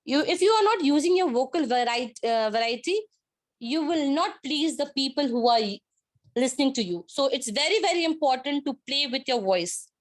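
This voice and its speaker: A high-pitched woman with an Indian English accent delivers a workshop talk on a video call. She keeps her wording simple and stresses each point with repetition. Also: expressive, moderate pace. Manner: simple wording, emphatic, repeats key phrases. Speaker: presenter in an online workshop. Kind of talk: speaking-skills presentation.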